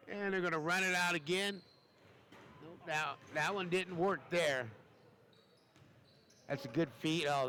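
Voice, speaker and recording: A man's voice: high voice, fairly bright tone. A man giving live basketball play-by-play in a folksy, chatty way, often repeating his phrases. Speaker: play-by-play commentator.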